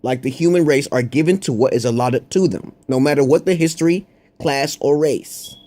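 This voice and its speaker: A man's voice: medium pitch, normal speed, dark tone. A man rambling through a profane, confrontational monologue to his viewers, with frequent "okay?" asides. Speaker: online commentator.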